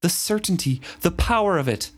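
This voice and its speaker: A man's voice: high-pitched, expressive, normal speed, pitched above the performer's own voice. A man reading aloud and voicing an exultant, mystical young man from a fantasy novel. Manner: exalted and theatrical.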